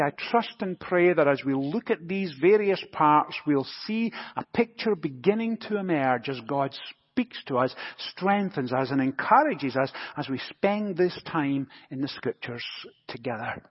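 A man preaching a sermon as pastor, telling a light, gently humorous story before moving into scripture. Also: on the high side, expressive, unhurried, few pauses, slightly rough. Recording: dull recording with long church reverb.

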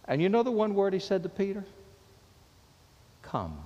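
A man's voice: fairly even intonation, fast, highs cut off. Impassioned male preacher in a reverberant church. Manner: impassioned preaching, dropping low and soft for quoted words of Jesus. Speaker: pastor. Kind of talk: sermon.

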